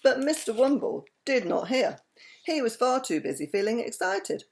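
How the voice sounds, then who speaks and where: A woman reading a children's story aloud in an expressive, animated way. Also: high voice, normal speed.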